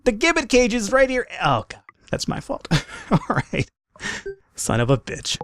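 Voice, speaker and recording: A man commentating his own gameplay in a let's play, excitable, swearing and laughing at his own mistakes. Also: very high voice, unhurried, dry recording. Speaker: gaming commentator.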